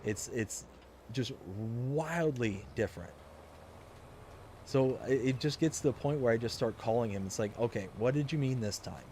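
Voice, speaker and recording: A man chats casually while streaming a farming game, reading viewer messages aloud and drifting into stories. His voice is mellow and relaxed at an ordinary pitch. A faint hiss of noise sits under the recording. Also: normal speed. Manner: chatty, rambling, reads chat aloud, laughs often. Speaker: livestream host playing a farming game. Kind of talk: casual livestream chat.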